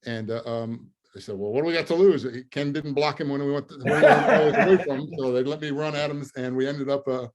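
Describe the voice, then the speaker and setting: A former pro football lineman in his fifties, a guest on a storytelling interview, tells lively stories, laughs through the punchlines and fills pauses with many ums and uhs. His voice is at a typical middle pitch for a man, with a little hiss or hum on the audio.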